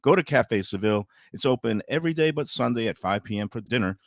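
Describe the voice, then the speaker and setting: A man's voice: mid-range voice, animated, fast, no room sound. Man, upbeat ad read, promotional, dry close studio sound. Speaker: radio show ad reader. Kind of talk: read-out restaurant ads.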